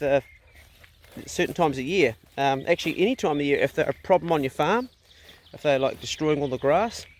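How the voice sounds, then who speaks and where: Chatty New man on a farm. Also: mid-range voice. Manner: chatty, offhand, talks to his dogs. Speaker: farm vlogger. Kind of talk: casual narration while walking. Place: outdoors on a farm by a pond. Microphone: handheld phone.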